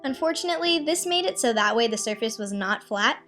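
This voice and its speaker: A woman's voice: on the high side, animated, a little fast, fairly bright tone. A young woman hosting a casual do-it-yourself tutorial, walking through the steps in a friendly way with frequent ums. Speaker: craft tutorial host. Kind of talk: casual DIY tutorial narration. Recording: faint background music.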